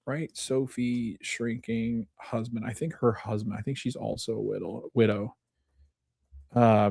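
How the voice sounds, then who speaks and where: A man's voice: mid-range voice, darkish tone, no echo, clean studio sound. A man hosting a podcast, retelling a TV episode in a casual, rambling way and often correcting himself. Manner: rambling, self-correcting, chuckles while retelling scenes. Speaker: podcast host.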